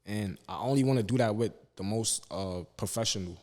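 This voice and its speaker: A man's voice: on the low side, a little fast, a little mellow, big-room sound. Laid-back young man talking shop. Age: young adult. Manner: laid-back, earnest, street slang. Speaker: fashion designer guest. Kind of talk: casual interview chat.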